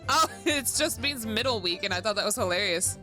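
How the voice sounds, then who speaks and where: A woman's voice: medium pitch, animated, brisk, sharp tone. A young adult woman chatting casually and swearing freely while streaming a game, over background music.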